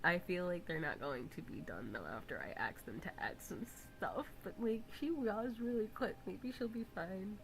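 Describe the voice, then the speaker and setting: A young woman live streaming, chatting casually and teasing her viewers, breaking into loud laughs. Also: medium pitch, expressive, normal speed, few pauses, slight background noise, rough recording.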